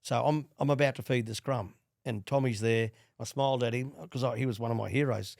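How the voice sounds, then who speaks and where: A middle-aged Australian man, a former player and coach, telling animated stories in a casual interview. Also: mid-range voice, a little fast, vocal fry, dry recording, clean studio sound. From Queensland, Australia. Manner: animated storyteller with restarts and laughs. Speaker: guest, former rugby league player and coach.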